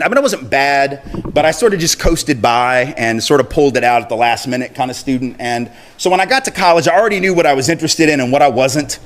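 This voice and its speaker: A man's voice: mid-range voice, slight background noise. A man with a mid-range voice gives a public talk and moves easily into a personal story. He speaks conversationally and pokes fun at himself, chuckling as he voices the people in it. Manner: conversational, self-deprecating storytelling; acts out quoted voices with chuckles. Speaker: activist speaker.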